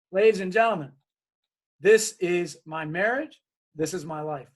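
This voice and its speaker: A man giving a storytelling keynote talk on diversity, lively and acting out his family's voices. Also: sits high, a little slow. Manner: animated, acts out his parents' voices. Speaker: diversity speaker.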